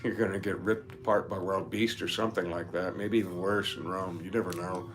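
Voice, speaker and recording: A man's voice: sits low, steady tone, a little fast, over music. Rambling, laughing man hosting a livestream. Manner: rambling, laughs often, nerdy asides. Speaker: livestream host reading viewer comments. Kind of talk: casual live-stream chat.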